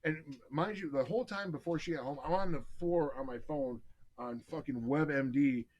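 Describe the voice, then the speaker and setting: A man's voice: on the high side, moderate pace, dull audio, noisy background. Profane man telling a wild story. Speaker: podcast host. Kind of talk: casual storytelling chat.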